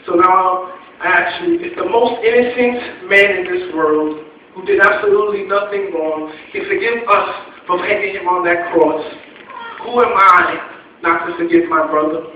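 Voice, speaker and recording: A man's voice: high voice, normal speed, a little hiss or hum. A man preaching a sermon in a church hall, passionate and repetitive, building to emphatic peaks, recorded on a phone from the audience. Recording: echoey, muffled phone recording from a distance.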